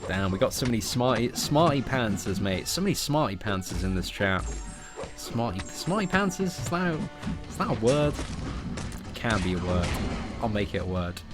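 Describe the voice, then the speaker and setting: A man's voice: fairly low pitch, lively intonation, moderate pace, music in the background. A young English man chatting casually and joking with viewers while he plays a game. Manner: jokey, chatty, calls listeners mate and boys. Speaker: gaming streamer. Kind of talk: casual live-stream chat while gaming.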